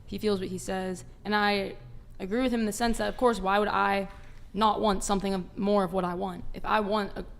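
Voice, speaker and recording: Woman panelist, flat gravelly voice, rambling. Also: mid-range voice, brisk, hardly any pauses. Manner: rambling, circling back on her point. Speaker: panel guest. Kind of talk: casual chat.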